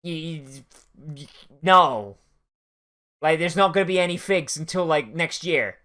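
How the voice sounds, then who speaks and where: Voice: medium pitch, lively intonation, unhurried, pushed and bright. Nervous followers stammer and hedge, trying to explain. The streamer voices them in close to their own everyday voice. The tone is flustered and a little pleading. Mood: exasperated.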